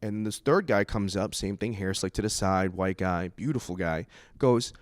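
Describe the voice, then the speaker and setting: A man doing a stand-up comedy set, telling stories in an animated way and jumping into put-on voices. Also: fairly low pitch, moderate pace, no echo.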